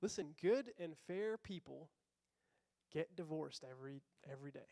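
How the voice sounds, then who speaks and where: This pastor's fairly high voice is a little fast, creaky, and a bit mellow as he delivers a conversational sermon full of rhetorical questions and acted-out quotes. The recording sounds dry and close, with nearly no room echo.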